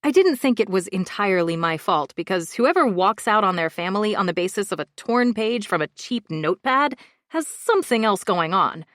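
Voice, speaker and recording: A woman narrates a thriller audiobook in the first person, in an intimate, confessional way. Her pitch moves a lot, and the recording is dry and close with no room sound. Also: animated, moderate pace, fairly bright tone, no echo.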